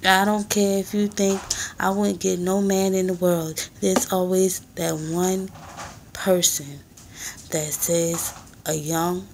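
A woman in her twenties rambling in a casual vlog at home in a small apartment, soft-spoken and often hushed, filmed on a handheld phone. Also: on the low side, flat delivery, slow pace, gravelly, slight background noise. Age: 20s. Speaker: vlogger and mother.

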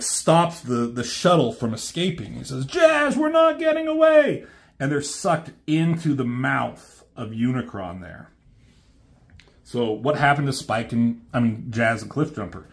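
A man casually retelling a comic's story as a reviewer, chatty and animated. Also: mid-range voice. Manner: animated, chatty, many fillers.

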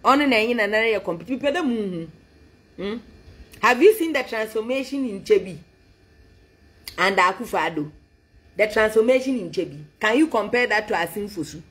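A woman's voice: medium pitch, animated, moderate pace, long pauses, fairly bright tone. A woman delivering a taunting political rant, with sing-song mockery and laughter, switching between English and a local language. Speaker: political commentator.

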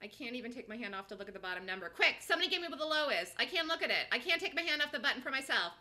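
An excitable woman hosts a live trading show and talks fast through each price move, gasping and squealing along the way. Her voice is fairly high and very bright. Her pitch swings widely from line to line. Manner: rapid, repetitive play-by-play. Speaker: day-trading show host.

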